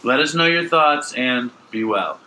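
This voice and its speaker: Bright-voiced man cohosting a podcast. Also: medium pitch, unhurried, slight background noise, low-quality recording. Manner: animated, teasing, mock-outraged. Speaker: podcast co-host. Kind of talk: casual comedic podcast banter.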